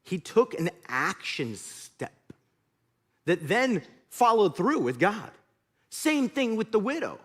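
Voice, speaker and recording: Pastor guy preaching, storytelling style, voice bounces all over and sits kinda high. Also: slow pace. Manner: animated storytelling, acting out scenes. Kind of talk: sermon.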